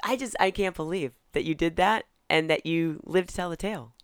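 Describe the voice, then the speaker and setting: A woman's voice: on the low side, a little fast, clean tone, no room sound, clean studio sound. A woman co-hosting a comedy podcast, telling stories in casual chat and acting out what others said. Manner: animated storytelling, acting out dialogue, frequent laughs. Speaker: podcast co-host.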